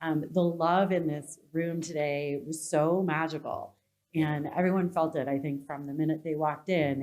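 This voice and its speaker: A woman with a deep, darkish voice hosts a live event, closing it out with emotional, effusive thanks. She speaks in a conference hall before an audience.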